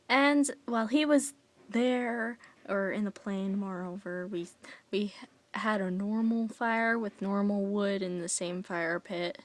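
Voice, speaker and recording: A young woman telling a casual, rambling vlog story, full of fillers and with soft whispery asides. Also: mid-range voice, slow. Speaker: vlogger.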